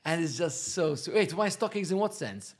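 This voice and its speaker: A man's voice: on the high side, lively intonation, normal speed. A man talking as a podcast guest, rambling and laughing often, restarting his sentences as he recalls family Christmas habits. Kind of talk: casual chat.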